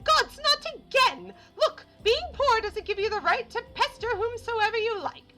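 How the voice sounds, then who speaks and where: A woman voicing a haughty noblewoman, shrill and scornful. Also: lively intonation, measured pace.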